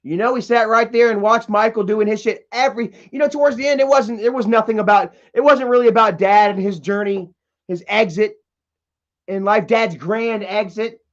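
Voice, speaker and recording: A man's voice: high-pitched, moderate pace, highs cut off. A man livestreaming from home, reading chat messages aloud and ranting in a heated, profane way. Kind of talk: casual livestream rant.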